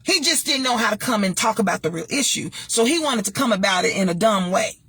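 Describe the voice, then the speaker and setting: A woman's voice: medium pitch, animated, fast, fairly bright tone, breathy edge, no echo. A woman hosting her own show, giving emphatic, blunt advice and telling a personal story in a casual monologue. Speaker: talk show host and former radio DJ.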